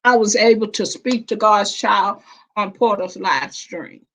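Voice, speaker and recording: Over dull, lo-fi stream audio, a woman chats casually with her livestream viewers in a mid-range voice. She speaks slowly, drawing out her words with warm, emotional affection and calling them "baby" and "child."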